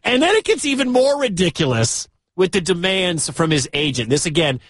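A man hosting sports talk radio, excitable and given to loud bursts of enthusiasm. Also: high-pitched, moderate pace, no room sound.

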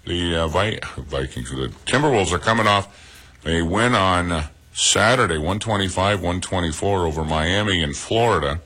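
A man giving a local sports report, pausing often with "uh" and adding his own opinions. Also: deep voice. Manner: plain, relaxed delivery with frequent pauses and "uh"s, offering personal opinions.

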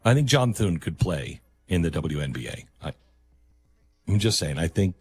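A man's voice: low-pitched, big pitch swings, normal speed, slightly rough. A man hosting a talk radio show, delivering a sarcastic, mocking monologue.

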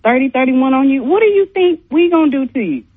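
A woman's voice: high-pitched, animated, fast, no room sound. A woman calling in to a sports radio show, taunting the host about the rival team. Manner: sassy, taunting. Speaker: caller, football fan. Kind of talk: casual call-in trash talk. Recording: phone line.

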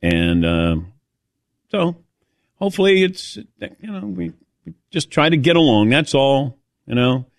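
A male talk host in casual conversation, telling stories with a sarcastic edge. His voice sits at an ordinary middle pitch. The sound is close and dry. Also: big pitch swings, unhurried, pauses often, no echo. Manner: chatty storyteller with a sarcastic edge. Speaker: radio sports talk host.

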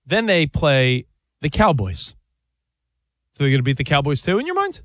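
Man, sports talk co-host, rambling, restarts a lot, lively higher voice, dry recording. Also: moderate pace, no room sound. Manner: animated, rambling, restarts and self-corrections. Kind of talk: casual sports debate.

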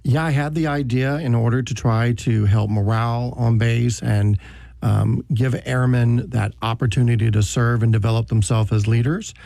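A man's voice: mid-range voice, fairly even intonation, normal speed, vocal fry, dark tone, dry recording, clean studio sound. A middle-aged man and Air Force veteran, answering politely as a guest in a radio interview. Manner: polite, plain-spoken, answers with "yes, sir".

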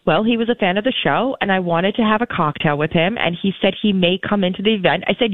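A woman co-hosting a show, chatting in playful, animated banter and laughing often. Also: medium pitch, fast talker, hardly any pauses, dry recording, narrow, tinny audio. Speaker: show producer, co-host. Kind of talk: casual banter.

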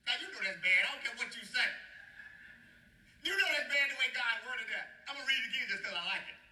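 A man's voice: extremely high pitch, quick pace. A man preaching a sermon as pastor, calling on his congregation to answer, laughing often. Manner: lively call-and-response preaching with frequent laughter. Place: church sanctuary. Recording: echoey room, mic at a distance.

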